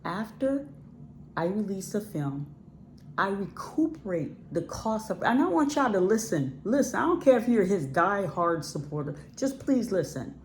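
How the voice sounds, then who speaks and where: A woman's voice: medium pitch, sing-song, unhurried, slight background noise. A woman filmmaker from Ohio speaking bluntly and emphatically to her viewers, repeating words for stress. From Ohio, USA. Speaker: independent filmmaker. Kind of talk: casual direct-to-camera talk.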